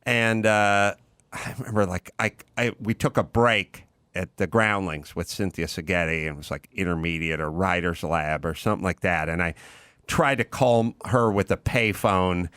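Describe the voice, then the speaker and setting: A middle-aged man hosting a casual chat, an animated storyteller who loudly imitates other people. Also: low voice, normal speed, clear, resonant tone, no echo, studio quality. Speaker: podcast host.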